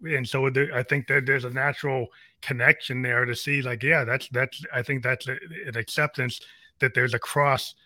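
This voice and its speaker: A man's voice: medium pitch, level tone, normal speed, sharp tone, no echo, studio quality. A man talking casually and reflectively about music, rambling with many "you know"s. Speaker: graphic novel artist and musician. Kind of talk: casual interview chat.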